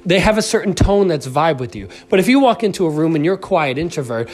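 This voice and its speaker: A man giving a motivational talk on communication, animated and casual, often checking in with the listener. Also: fairly high pitch, fast. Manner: animated, acts out quoted voices, says "right?" often. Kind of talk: motivational self-help talk.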